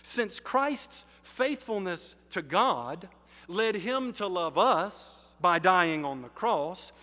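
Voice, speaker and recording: A male pastor preaching a sermon in slow, deliberate phrases with emphatic pauses, in a church sanctuary. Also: high-pitched, animated, sharp tone. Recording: reverberant sanctuary hall.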